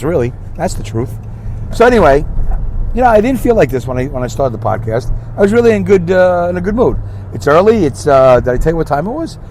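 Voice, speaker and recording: A man's voice: on the high side, darkish tone, slight background noise. A middle-aged man hosting a solo podcast, rambling through a monologue with wry, sarcastic asides. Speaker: podcast host.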